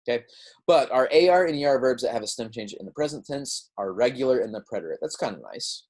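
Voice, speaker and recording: A man's voice: mid-range voice, animated, a little mellow. Chatty man teaching Spanish verbs. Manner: self-deprecating, chatty, repeats drills slowly. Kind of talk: recorded classroom lecture.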